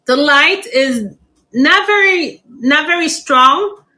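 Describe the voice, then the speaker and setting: A woman's voice: sits high, lively intonation, slow pace, bright, forceful tone, poor audio. A middle-aged woman hosting a live plant sale stream, chatty and laughing often.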